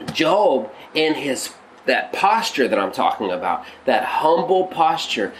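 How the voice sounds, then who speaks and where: Animated male pastor, faint hiss. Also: fairly high pitch, low-quality recording. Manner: animated, rising to excited exclamations; conversational with many fillers and restarts. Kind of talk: devotional podcast teaching.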